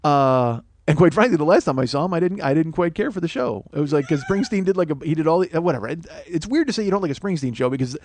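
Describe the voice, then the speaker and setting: A man's voice: fairly high pitch, animated, fast, few pauses, a little mellow, no echo. A man hosting a podcast, telling a comic story in a rambling, profane, self-mocking rant. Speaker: podcast host. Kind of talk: comedic storytelling monologue.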